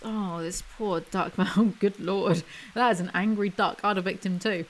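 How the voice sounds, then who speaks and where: A woman reading a picture book aloud as ASMR commentary, with mocking, deadpan asides. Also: medium pitch, normal speed, rough recording.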